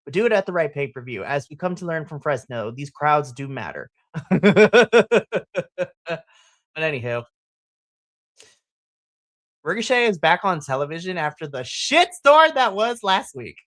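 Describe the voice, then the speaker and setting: A woman hosting a wrestling podcast in casual chat, animated and gushing, laughing often. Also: low-pitched, unhurried, long pauses, no room sound.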